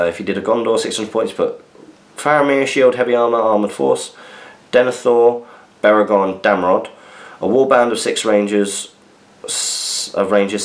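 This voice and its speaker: Male podcast host, chatty and easygoing, deeper voice, answers listener mail, echoey room sound. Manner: chatty, reads listener messages aloud with asides. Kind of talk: casual chat. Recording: roomy echo.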